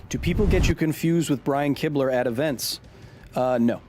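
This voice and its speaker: A man's voice: on the high side, moderate pace, a little mellow, soft background music. A man in his thirties hosting a casual live stream, joking while reading chat aloud. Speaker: streamer and host.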